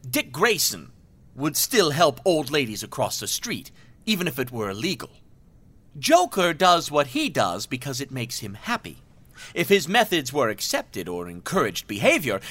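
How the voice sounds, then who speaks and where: A man's voice: a little high, bright, forceful tone, dry recording, heavily acted. An actor playing a pompous, self-serving male villain who talks in florid, mannered speech and laughs theatrically in an audio drama.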